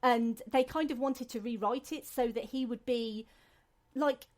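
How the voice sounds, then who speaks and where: A woman's voice: a little high, steady tone, unhurried, darkish tone. A British woman hosting a podcast, chatting casually in a rambling way with many fillers and restarts. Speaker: podcast host. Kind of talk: casual chat.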